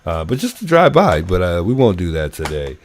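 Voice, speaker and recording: A man's voice: deep voice, big pitch swings, brisk, slight background noise. A man hosting a livestream, commenting casually and thinking aloud with lots of fillers. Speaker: livestream host. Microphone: phone.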